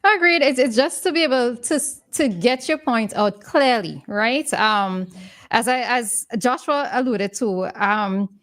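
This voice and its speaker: A woman with a Vincentian accent co-hosting a morning call-in radio show, chatty and quick to laugh. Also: a little high, lively intonation, a bit bright, no echo, studio quality. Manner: chatty, laughs often, gives call-in number. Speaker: radio co-host.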